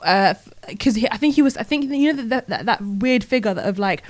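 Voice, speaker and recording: A young woman, co-hosting a casual podcast chat and talking in an animated, indignant way. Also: fairly high pitch. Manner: animated, indignant, talks fast with restarts. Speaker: podcast co-host.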